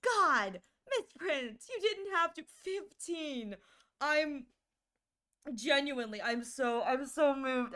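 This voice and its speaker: High-voiced, stammering woman streamer. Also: animated, slow, sharp tone. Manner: emotional, stammering, often near tears. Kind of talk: casual live-stream chat.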